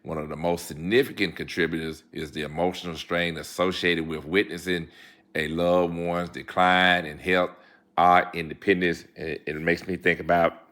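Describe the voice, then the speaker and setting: A middle-aged man hosts his own show with a very low-pitched voice. His tone is bright and forceful, and he talks at an unhurried pace, often repeating words for emphasis. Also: level tone. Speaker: host. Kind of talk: informational talk.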